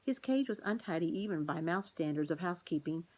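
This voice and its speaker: Gentle woman reading a children's book. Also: lowish voice, animated, brisk, poor audio. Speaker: reader. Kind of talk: reading a children's novel aloud.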